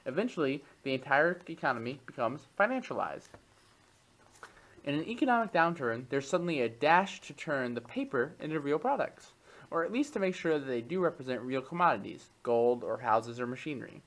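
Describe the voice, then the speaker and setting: A man of middle pitch reads aloud from a dense text in even, steady sentences. Between passages he breaks off to talk it over, with fillers like "uh" and "like." It sounds like a casual group discussion. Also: brisk, poor audio. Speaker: reading group member.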